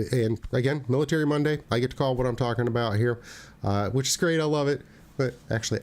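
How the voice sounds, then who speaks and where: A man who works as a realtor, hosting a casual talk show and chatting in an animated way with plenty of fillers and restarts. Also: medium pitch.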